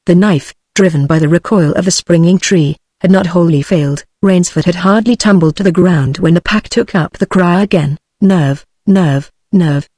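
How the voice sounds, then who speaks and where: A woman's voice: on the low side, moderate pace, few pauses, slightly rough, no room sound. A text-to-speech woman's voice with a British accent narrating an audiobook, reading evenly. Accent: British English. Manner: even synthetic reading. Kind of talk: scripted narration. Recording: dry close text-to-speech.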